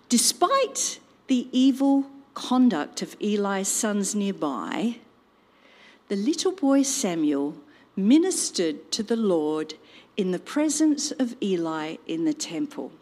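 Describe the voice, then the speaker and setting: A woman telling a Bible story in an expressive storytelling style, with personal asides. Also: mid-range voice. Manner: slow, animated storytelling with asides. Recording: long reverb.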